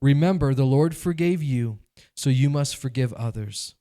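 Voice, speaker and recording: A male pastor preaching a sermon, animated and conversational, acting out quoted voices. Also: medium pitch, moderate pace.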